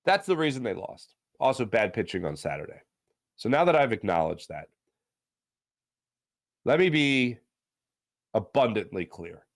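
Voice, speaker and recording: Animated, fired-up Philly sports host. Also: male voice, measured pace, long pauses, no room sound, studio quality. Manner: animated, swinging from low grumble to loud outbursts; mocking put-on fan voice at times. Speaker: sports talk show host. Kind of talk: opinionated sports radio rant.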